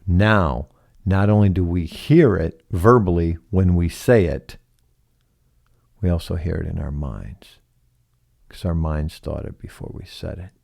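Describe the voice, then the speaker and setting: A man hosting a reflective solo podcast, speaking slowly and softly and asking many rhetorical questions. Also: deep voice, creaky. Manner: slow, soft-spoken, asks many rhetorical questions. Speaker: podcast host.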